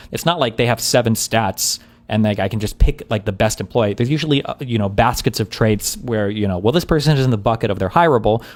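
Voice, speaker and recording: A man streaming, giving blunt, profane reaction commentary on a debate video. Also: lowish voice. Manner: blunt, profane, thinks aloud.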